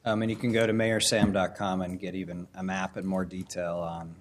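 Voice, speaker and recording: A man with a very deep voice chairs a city council hearing as mayor. He talks in a relaxed, conversational way, with frequent fillers. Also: a little fast.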